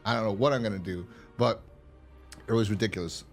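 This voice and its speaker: Low-voiced man rambling through a review. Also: fairly quick, faint music behind. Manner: rambling, profane, acts out quotes in a higher voice. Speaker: podcast host. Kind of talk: casual review chat.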